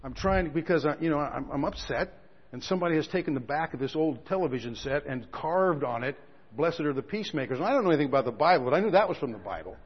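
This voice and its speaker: A fairly high, husky-voiced man preaching in a casual storytelling way, his voice dropping low and rising to loud peaks. The recording is dull and lo-fi, with a long reverb from a large hall. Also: lively intonation, fast talker. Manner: storytelling, swings from quiet asides to shouting. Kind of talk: sermon.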